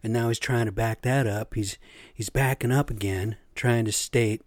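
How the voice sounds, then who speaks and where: With a voice on the low side, fairly even intonation and a moderate pace, a middle-aged man rants through his solo podcast with no room sound. He's blunt, profane and exasperated, airing opinions straight to listeners.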